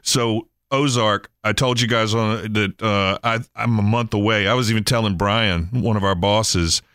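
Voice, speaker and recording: A man with a lowish voice chats on a radio show, slipping into lively anecdotes. The sound is close and dry, with no room around it. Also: normal speed, clear, resonant tone, dry recording. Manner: storytelling, animated in anecdotes. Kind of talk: casual radio banter.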